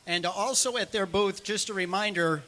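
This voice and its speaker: A man's voice: sits high, normal speed, pushed and bright. A man hosting talk radio, giving emphatic, opinionated commentary. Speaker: radio host.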